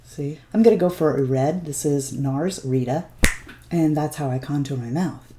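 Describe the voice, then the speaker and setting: A woman hosting a beauty vlog, calmly walking through a makeup tutorial step by step. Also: low voice, moderate pace, background noise. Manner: gentle step-by-step instruction. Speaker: beauty vlogger.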